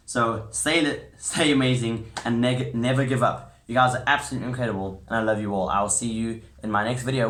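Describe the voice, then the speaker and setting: A man's voice: medium pitch, fairly bright tone. A young man tells a story to his camera in a loose, rambling way, tossing in ums as he goes. His voice sits in a middle register and rings off the walls of an echoey room. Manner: chatty, rambling with many ums. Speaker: vlogger. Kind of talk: casual storytelling vlog.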